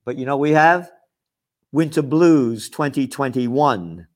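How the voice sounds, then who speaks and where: A man's voice: mid-range voice, slow pace. An older man, a trend forecaster, delivering a sarcastic, scornful ranting monologue full of name-calling.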